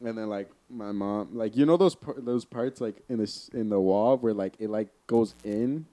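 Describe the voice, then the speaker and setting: A young man spins a spooky tale in loose, rambling chat, voice sitting low and mellow. The sound is dry and close, with no room around it. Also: moderate pace, dry recording. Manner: rambling, heavy filler "like", swearing. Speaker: podcast co-host. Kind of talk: casual chat, storytelling.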